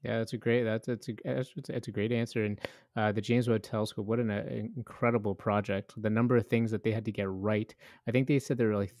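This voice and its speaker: A man's voice: fairly low pitch, steady tone, fast talker, darkish tone, no room sound, clean studio sound. A man hosting a podcast interview, casual and affirming, with many fillers and agreeing yeahs. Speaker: podcast host.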